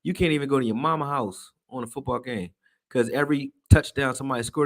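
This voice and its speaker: This man hosts a live stream at a fast clip in a medium-pitched voice, chatting casually with viewers and reading their comments out. His style is loose and slangy, he swears freely, and he gets loud when worked up.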